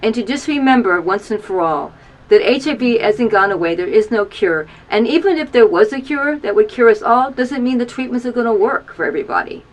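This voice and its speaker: A woman in her fifties, recording in a small video booth, shares an earnest and emotional HIV testimony full of repeated calls to action. Her intonation is lively and her pace a little fast, though her voice sinks low at times. The audio is poor.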